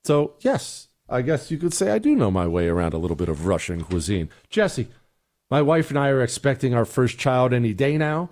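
A man's voice: mid-range voice, big pitch swings, moderate pace, darkish tone. Emphatic opinionated male talk host. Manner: emphatic, sarcastic, repeats points. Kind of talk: opinionated commentary and listener emails.

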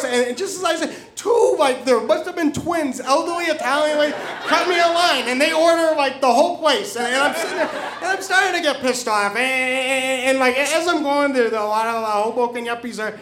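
Brief: high-voiced male storyteller, stammering and repetitive, comic anecdote. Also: brisk, background noise. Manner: stammering, repeats words nervously.

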